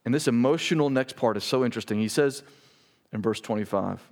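Guy pastor preaching, earnest, keeps repeating himself, gets real quiet on the big points. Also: medium pitch, brisk. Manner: earnest, emphatic preaching with repeated words and restarts, drops to quiet for emphasis. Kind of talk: sermon.

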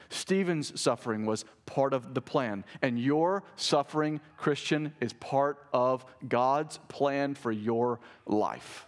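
A pastor preaching a sermon to his church, building to emphatic, rising peaks and then dropping to quiet intensity. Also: medium pitch. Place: church sanctuary.

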